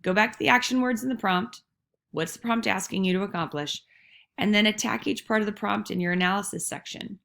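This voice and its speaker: A woman's voice: mid-range voice, fairly quick, gravelly, fairly bright tone. A woman teacher giving a casual, encouraging recorded lesson on essay writing, with frank asides.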